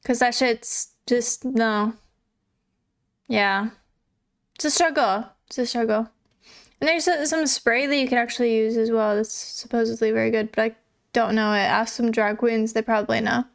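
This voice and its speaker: Young woman streamer, laid-back chatter, slightly high, clear and smooth voice, cusses casually. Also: fairly even intonation, moderate pace. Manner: chatty, swears casually, laughs often. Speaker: livestreamer. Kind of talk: casual chat reading viewer messages.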